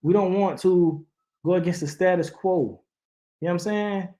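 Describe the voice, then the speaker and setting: A man's voice: high-pitched, moderate pace, warm tone, roomy sound. A man, hosting casual commentary, impassioned and preachy with many restarts. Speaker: channel host reacting to news. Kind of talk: casual commentary, live-stream style.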